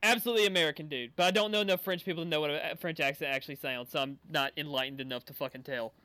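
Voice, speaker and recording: A man in casual group chat about an anime, excitable and jokey, swearing freely. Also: a little high, racing, smooth.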